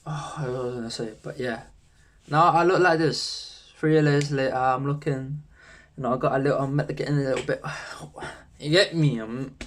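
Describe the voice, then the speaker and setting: A man's voice: medium pitch, steady tone, normal speed. A young man, rambling casually in a self-improvement vlog, full of slang and swearing. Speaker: YouTuber.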